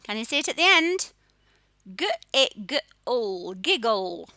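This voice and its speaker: A woman teaching a children's phonics lesson, sounding out letters in a slow, sing-song way. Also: on the high side, very animated, sharp tone, no echo. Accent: Australian.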